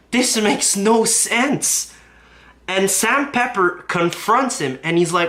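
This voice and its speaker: A man's voice: sits high, lively intonation, slow, pushed and bright. A man recapping online drama on his YouTube channel, profane and indignant as he talks. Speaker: YouTube commentator.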